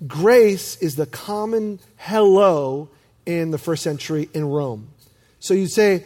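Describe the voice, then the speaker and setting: A man preaching a sermon as pastor, telling stories with self-deprecating humor and lively emphasis. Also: fairly high pitch, slow pace.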